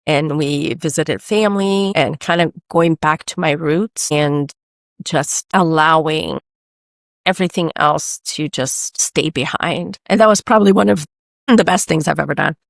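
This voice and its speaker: Gravelly-voiced woman telling a story. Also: low voice, measured pace, no room sound, studio quality. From Brazil. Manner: animated, restarts often, acts out quoted voices. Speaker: guest, medical sales rep and mother. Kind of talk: casual interview storytelling.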